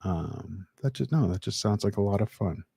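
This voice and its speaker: A man hosting a casual live stream, talking haltingly with many fillers and restarts while greeting viewers in the chat by name. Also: lowish voice, expressive, creaky, warm tone, husky, no room sound, clean studio sound. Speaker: livestream host.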